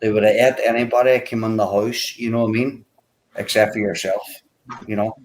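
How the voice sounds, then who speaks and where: A man's voice: lowish voice, steady tone, fairly quick, poor audio. A man chatting casually on a video call, rambling with many "you know" fillers. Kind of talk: casual chat.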